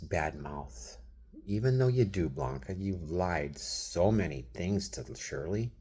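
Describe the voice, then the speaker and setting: A man in his thirties talks straight to camera in a loose, rambling vent, speaking to someone who isn't there. His voice sits low and has a husky, rough edge. Every so often he drops into a hushed whisper before picking up again. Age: 30s. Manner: rambling, addresses someone absent, slips into whispered asides. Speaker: vlogger. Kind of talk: venting monologue to camera.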